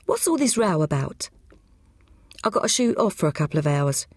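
A woman's voice: low voice, big pitch swings, moderate pace, slightly rough, dry recording, clean studio sound, exaggerated voice. A woman voicing a blustering, indignant middle-aged butcher man. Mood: outraged.

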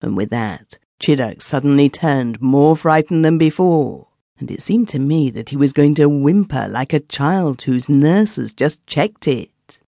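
A man's voice: on the high side, animated, a little slow, gravelly, few pauses, mellow, dry recording. A man narrating a first-person story for an audiobook in a dramatic storytelling manner, on a close studio microphone.

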